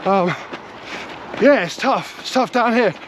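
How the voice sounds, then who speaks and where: A man's voice: high voice, expressive, takes it slowly, background noise. A man talking to camera while running outdoors, out of breath and giving running updates. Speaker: running vlogger. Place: outdoors on a run.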